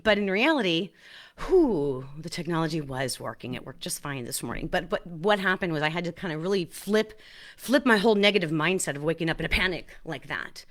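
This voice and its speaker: A woman hosting her own podcast in a casual, animated solo talk, laughing at herself and often restarting her sentences. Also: lowish voice, moderate pace. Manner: excited restarts and repeated words. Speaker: podcast host.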